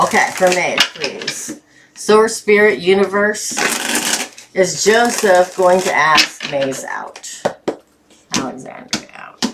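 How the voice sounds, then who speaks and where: Chatty woman tarot reader, lowish voice. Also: takes it slowly, pauses often, noisy background. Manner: chatty, laughs often, bursts of excitement. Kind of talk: live tarot reading stream.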